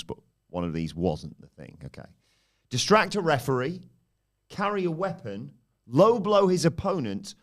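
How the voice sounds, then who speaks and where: A man acting as quizmaster on a podcast, reading out questions and keeping score briskly. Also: medium pitch. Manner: brisk, reads questions out clearly.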